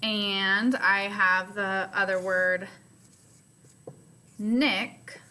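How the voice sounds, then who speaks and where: A woman teacher records a phonics lesson for her students at home. She talks slowly and patiently, breaking each step down. Her voice is bright and clear. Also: medium pitch, fairly even intonation. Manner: slow, patient, explains step by step.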